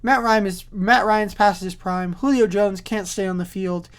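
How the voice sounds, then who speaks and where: A woman's voice: medium pitch, normal speed. A woman hosting a sports podcast on her own, talking in a casual, opinionated way. She rambles and restarts her sentences, leaning on lots of fillers, and sounds sleepy, yawning between points. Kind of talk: casual solo sports commentary.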